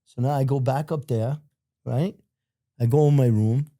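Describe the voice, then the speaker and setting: A middle-aged man telling prison stories as a podcast guest, full of swearing and repeated fillers, acting out other people's shouts. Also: medium pitch, moderate pace, no echo, studio quality. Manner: profane, acts out other people's shouted lines; rambling, repeats filler phrases. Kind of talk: casual storytelling.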